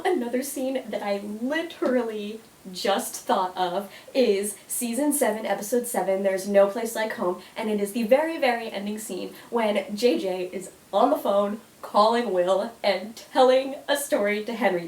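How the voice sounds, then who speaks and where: A woman's voice: mid-range voice, normal speed, a little mellow. Gushing young woman in an echoey room. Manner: gushing, emotional, many "like" and "oh my gosh". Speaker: YouTuber. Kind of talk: casual vlog countdown. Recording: echoey room, mic at a distance.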